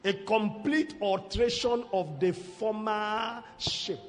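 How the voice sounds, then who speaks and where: A male preacher with a high, bright, sharp voice that swings widely up and down as he booms out his sermon. He shouts his prayers and scripture readings, and the sound rings with long reverb under faint music. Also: lively intonation, a little slow, few pauses.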